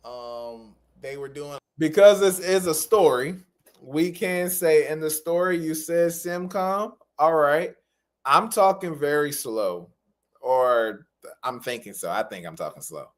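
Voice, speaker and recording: A man's voice: on the high side, unhurried. A man coaching interpreters in a live-stream feedback lesson. He explains things patiently and encouragingly, repeating his key phrases.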